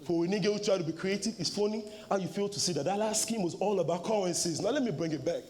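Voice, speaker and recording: A young man from Nigeria trades taunts in a live rap battle with a raised, highish voice. He spits aggressive, profane lines with swagger. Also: fast, darkish tone. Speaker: battle rapper. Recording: live event with cheering crowd.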